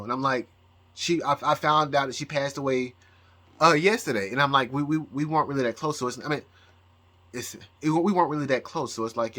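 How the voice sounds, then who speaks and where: Halting, emotional bright-voiced man. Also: mid-range voice. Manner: halting, with many repeated words and restarts. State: emotional, near tears. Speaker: astrology YouTuber. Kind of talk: rambling personal monologue.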